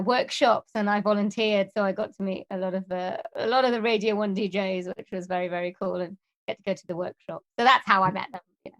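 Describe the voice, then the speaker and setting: A woman's voice: mid-range voice, a bit bright. A woman from Wales, a voiceover artist chatting casually and upbeat as an interview guest. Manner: chatty and upbeat, laughs easily.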